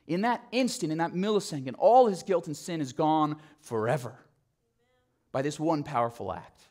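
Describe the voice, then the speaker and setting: A man preaching with a slightly higher voice, lively and animated as he tells the story. He drops to quiet, low emphasis on the phrases that matter. His talk has the flow of a pastor's sermon. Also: moderate pace. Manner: animated storytelling, acting out quotes.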